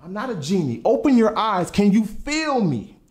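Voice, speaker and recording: A man voicing God as a gentle, patient figure who speaks in calm, short, repeated phrases. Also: sits high, moderate pace. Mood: coaxing.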